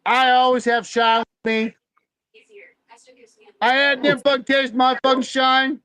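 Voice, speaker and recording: A man's voice: very high-pitched, level tone, measured pace, pushed and bright, clear, resonant tone, dry recording. Podcast co-host, male, heated storyteller, swears in every line, dry close sound. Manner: heated, swearing constantly, ranting. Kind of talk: profane casual storytelling.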